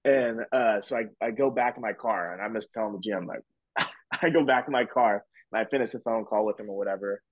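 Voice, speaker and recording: A man's voice: on the low side, fairly quick, dry recording. A man in his twenties, a podcast guest, telling a story casually with many fillers like "like" and "whatever". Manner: loose and rambling, heavy on fillers like "like" and "whatever". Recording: dull lo-fi, dry sound.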